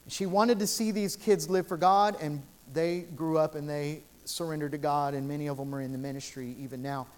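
Earnest male pastor preaching, slightly high. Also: steady tone, fairly quick, few pauses, a little mellow. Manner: earnest, repetitive storytelling with restarts. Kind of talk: sermon. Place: church sanctuary.

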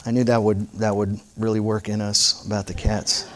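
A man's voice: on the low side, little pitch movement, moderate pace. A middle-aged male pastor preaching a sermon, moving from playful storytelling to fervent exhortation.

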